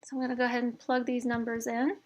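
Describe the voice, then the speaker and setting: A woman's voice: fairly high pitch, level tone, fast talker, a little mellow, slight background noise. Upbeat woman walking through budget math. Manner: chatty and encouraging, with fillers and self-corrections. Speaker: instructor demonstrating a debt spreadsheet. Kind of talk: casual screen-share tutorial.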